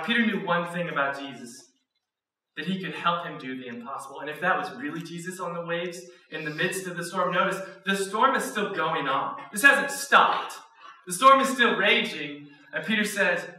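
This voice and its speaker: A man preaching in a church auditorium, telling the story with animated quotes and frequent laughs. His voice sits high and sounds very bright. It rings through an echoey hall, picked up from some distance. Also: normal speed. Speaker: student pastor. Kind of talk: sermon.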